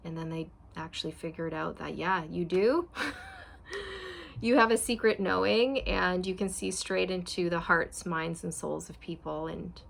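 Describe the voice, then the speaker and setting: A woman's voice: lowish voice, measured pace, vocal fry. A woman doing a casual tarot reading. She talks straight to her viewers in a chatty, repetitive way. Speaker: tarot reader.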